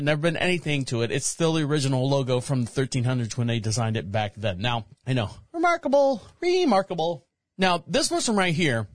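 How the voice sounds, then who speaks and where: A man's voice: fairly high pitch, no room sound. A man hosting a show, reading news headlines and rambling jokingly about them in casual commentary. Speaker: show host.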